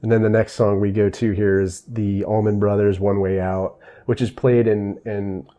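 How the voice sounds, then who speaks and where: A man hosting a casual film soundtrack review, easygoing and quick to laugh. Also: fairly low pitch, little pitch movement, dull audio. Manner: easygoing, laughs often, trails off into restarts. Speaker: podcast host.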